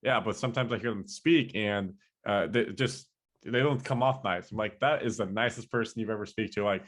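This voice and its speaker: A man's voice: on the low side, a little fast, fairly bright tone. A man hosting a podcast interview, casual and enthusiastic, telling anecdotes. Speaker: podcast host.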